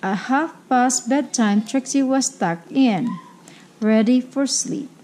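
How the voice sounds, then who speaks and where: Slow, mellow woman reading a storybook. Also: high-pitched, slight background noise. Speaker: storybook reader. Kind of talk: reading a children's picture book aloud.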